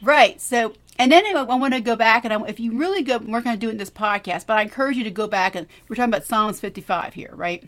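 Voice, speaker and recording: A woman's voice: fairly high pitch, fast talker, hardly any pauses, a bit bright. A woman co-hosting a faith podcast, teaching in an earnest, encouraging way with emphatic repetition. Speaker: podcast co-host.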